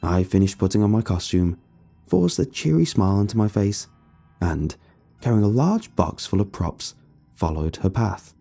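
Gravelly low-voiced male story narrator. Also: big pitch swings, dark tone, soft background music. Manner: measured, storytelling delivery. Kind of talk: scripted first-person horror narration.

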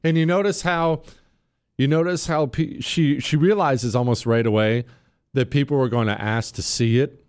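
A man hosting a political talk radio show, delivering a combative, sarcastic monologue and slowing down to hammer his points. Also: medium pitch, a little mellow, smooth. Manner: combative, sarcastic, emphatic, slows down to stress points.

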